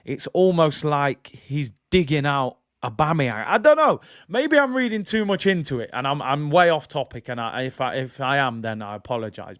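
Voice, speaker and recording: Chatty football fan host. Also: male voice, fairly high pitch, fairly bright tone, dry recording, studio quality. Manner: chatty, incredulous, quick to apologize. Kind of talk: casual fan commentary.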